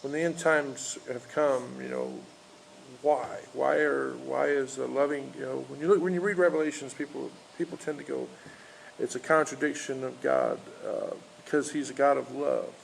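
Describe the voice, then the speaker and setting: Male pastor, gravelly voice, halting unscripted sermon with lots of fillers, faint outdoor noise behind. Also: medium pitch, steady tone, poor audio. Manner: halting, many fillers and restarts. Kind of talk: informal outdoor sermon with storytelling. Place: outdoors in a park.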